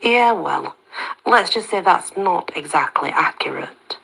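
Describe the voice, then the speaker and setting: Woman doing a deep, raspy young man. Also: expressive, unhurried, fairly bright tone, exaggerated voice, rough recording. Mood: explaining. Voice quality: deep rasp. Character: young man, calm, protective love interest.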